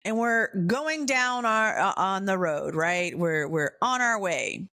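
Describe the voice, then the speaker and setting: A woman podcast host telling a candid, humorous personal story in an animated way. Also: medium pitch, slow, dry recording, studio quality.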